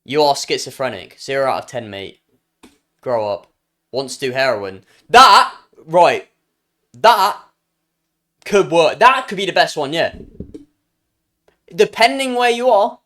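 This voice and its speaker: A young man with a British accent, chatting live on stream with a light, higher-pitched voice. His tone swings widely as he jokes and teases his chat. He often stumbles and restarts mid-sentence. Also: very animated, a little slow, long pauses, sharp tone. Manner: joking, playful, trails off and restarts.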